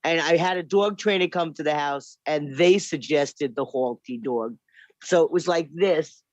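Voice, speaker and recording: A woman's voice: low-pitched, a little slow, dry recording, muffled recording. A woman telling stories in casual chat on a podcast, playful and chatty. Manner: chatty storyteller, playful put-on voices.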